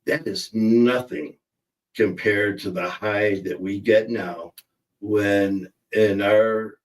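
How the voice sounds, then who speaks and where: Casual stream host, middle-aged man, low voice, rambling chat, a bit off-mic. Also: fairly even intonation, slow, distant mic, poor audio. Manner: chatty, rambling, reads viewer comments aloud.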